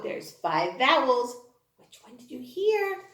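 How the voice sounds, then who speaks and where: A woman's voice: high voice, sing-song, slow pace, fairly bright tone, echoey room. A woman teaching a recorded kindergarten phonics lesson, encouraging and sing-song as she sounds out words for the children. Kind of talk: recorded online class lesson.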